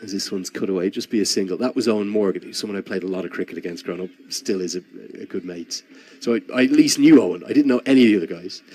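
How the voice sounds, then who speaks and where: A low-pitched man commentates live on cricket from the box, drifting into a chatty, rambling story full of restarts. Faint crowd noise sits behind his voice. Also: racing, hardly any pauses, dark tone.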